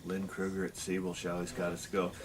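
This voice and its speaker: A man guest-reviewing beer in a casual chat, lively and talking over the others. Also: deep voice, fast talker. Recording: loud background noise.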